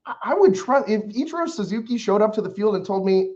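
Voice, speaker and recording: A man's voice: sits high, lively intonation, fast, darkish tone. A man co-hosting a casual sports podcast, talking with playful, boastful banter. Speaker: podcast co-host. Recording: dull lo-fi sound.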